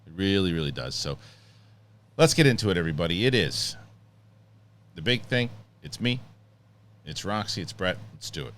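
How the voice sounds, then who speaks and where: A middle-aged man hosts a podcast in loose, casual chat, his voice sitting on the low side. He keeps up a joking, sarcastic banter with his co-hosts. A faint hiss runs under the recording. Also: very animated, normal speed, long pauses, fairly bright tone. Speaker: podcast host.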